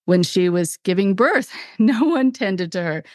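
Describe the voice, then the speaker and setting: A middle-aged woman hosting a podcast, telling a story from her therapy work with feeling, in quick bursts. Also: medium pitch, animated, darkish tone, no room sound, studio quality. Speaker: podcast host and cult-recovery therapist.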